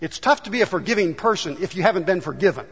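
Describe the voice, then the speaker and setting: A high-pitched man preaches a sermon in an earnest, storytelling manner, putting on voices for the people in his stories. His voice carries a long reverb from the hall, and the recording sounds dull. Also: expressive, quick pace, a bit bright, breathy edge. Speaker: pastor. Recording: dull echoey church hall.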